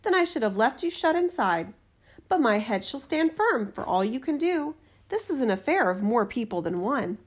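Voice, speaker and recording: A woman's voice: sing-song, breathy edge. Woman reading as a fearless clever young student. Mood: bold. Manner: brisk, higher, fearless. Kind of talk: storybook reading.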